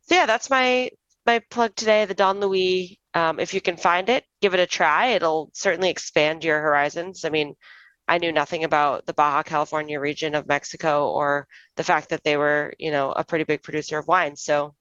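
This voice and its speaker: Young woman cohost, lowish voice, dry slightly dull sound, chatty wine tips. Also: fairly even intonation, moderate pace, a bit bright, clean tone, no echo. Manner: chatty, many fillers, recommends wine. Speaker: podcast co-host. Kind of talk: casual podcast chat.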